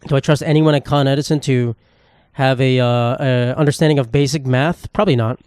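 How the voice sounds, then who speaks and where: A man's voice: medium pitch, steady tone, brisk, darkish tone, clean tone, no room sound, studio quality. A young man, hosting a solo comedy podcast in a profane, sarcastic, rambling rant. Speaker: podcast host.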